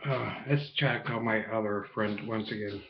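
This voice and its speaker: A man's voice: fairly low pitch, fairly even intonation, normal speed, vocal fry, slight background noise. A man vlogging casually, with crude, teasing banter. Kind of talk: casual vlog talk. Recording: muffled echoey room.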